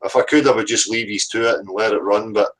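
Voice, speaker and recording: Teasing Scottish host. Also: male voice, on the low side, fairly even intonation, fast talker, a bit bright. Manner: teasing, joking. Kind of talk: casual online chat.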